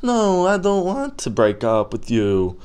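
A man voicing a lovesick teenage boy who pleads and stammers in a strained, high voice. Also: big pitch swings, slow, a little mellow. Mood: pleading.

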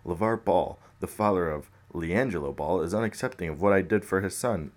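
A man's voice: deep voice, fairly quick. A young man hosting a podcast, giving rambling casual commentary on the news, laughing often and swearing. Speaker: podcast host.

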